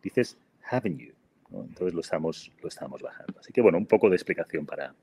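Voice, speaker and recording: Husky guy teaching english, lots of uhs, lowish voice. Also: animated, very fast, mellow. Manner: hesitant, many fillers, ends with "no?". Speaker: English teacher, podcast co-host. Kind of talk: casual teaching chat.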